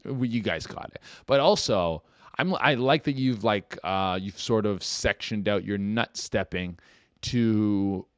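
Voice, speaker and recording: A man hosting a podcast in casual, rambling talk, full of swearing and fillers, getting animated when excited. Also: on the low side, takes it slowly, no echo. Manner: rambling, profane, lots of "like" and "dude". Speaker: podcast host.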